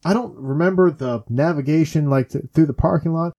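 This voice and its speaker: Mellow-voiced young man telling a story. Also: fairly high pitch, a little fast. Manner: animated storyteller acting out quotes. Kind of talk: casual chat.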